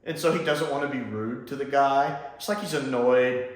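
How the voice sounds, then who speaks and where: A man from Mississippi chatting casually as he reviews a show, lively and laughing often. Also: medium pitch, normal speed. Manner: animated and chatty, laughs often, does mocking voices. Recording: echoey room.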